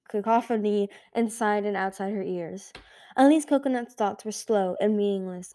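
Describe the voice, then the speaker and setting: A woman reading a children's fantasy novel aloud in a measured way, with small slips and restarts. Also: medium pitch, mellow. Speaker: audiobook reader. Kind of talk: storybook read-aloud.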